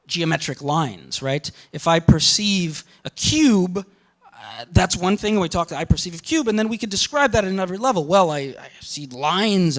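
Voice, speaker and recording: A man's voice: sits high, a bit bright. A man lecturing on linguistics to a class, thinking aloud with frequent restarts and fillers as he explains ideas. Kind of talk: university lecture.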